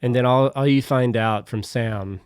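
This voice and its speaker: A man's voice: medium pitch, normal speed, clear, resonant tone, dry recording, studio quality. A man co-hosting a podcast, laid-back and joking along in casual chat. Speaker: podcast co-host.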